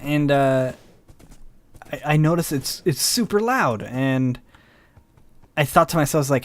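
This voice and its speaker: A man's voice: on the high side, moderate pace, long pauses. Tired young man rambling through a story. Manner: rambling, animated, mimics the other side of the conversation. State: tired, yawning. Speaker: gaming video host. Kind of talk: casual storytelling while playing.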